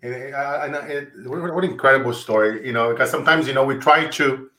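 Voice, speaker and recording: A man's voice: mid-range voice, quick pace, bright, forceful tone. A man hosting an interview who talks in a rambling, repetitive way with many fillers. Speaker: interview host. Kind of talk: conversational interview.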